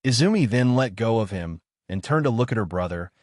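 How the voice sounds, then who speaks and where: A man narrating a fan fiction story in a steady, plain read. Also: lowish voice, fairly quick, no room sound, clean studio sound.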